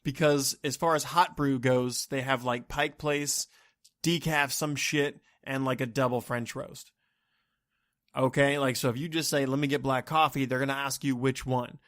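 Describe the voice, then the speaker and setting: A man's voice: medium pitch, steady tone, moderate pace, a bit bright, no room sound, studio quality. A man ranting on his own podcast in a rambling, profane, exasperated way. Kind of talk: solo rant monologue.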